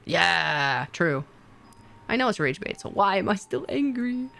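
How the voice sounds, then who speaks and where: A woman's voice: medium pitch, sing-song, unhurried, vocal fry, a bit bright. A young adult woman chatting casually with her stream viewers, playful and teasing, swearing and laughing often. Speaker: VTuber streamer.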